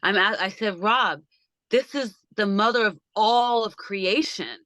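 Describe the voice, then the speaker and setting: In an unhurried, medium-pitched voice, a woman hosts a casual podcast conversation by video call from her small backyard shed. The sound is dry, and she tells her stories with energy, acting out the voices of those she quotes.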